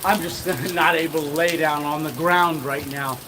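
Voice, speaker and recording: A man's voice: a little high, steady tone, moderate pace. A middle-aged man hosting a casual live stream, telling a rambling story with chuckles and lots of fillers. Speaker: channel host. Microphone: handheld camera. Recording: rain noise behind voice. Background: rain.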